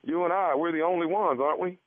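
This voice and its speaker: A man's voice: fairly high pitch, fairly even intonation, very fast, dry recording, lightly acted. A man playing an awkward male gynecologist who stammers and hesitates through a phone call. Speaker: prank caller. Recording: tinny phone line.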